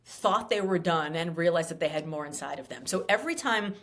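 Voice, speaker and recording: A woman in her fifties talking as an author guest in a casual interview, animated and emphatic, full of fillers and acted-out quotes. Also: lowish voice, a little fast. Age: 50s.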